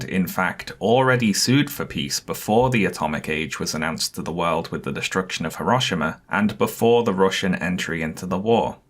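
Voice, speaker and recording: A deep male voice reads a historical statement in a formal, measured way. The pitch sits low and steady throughout.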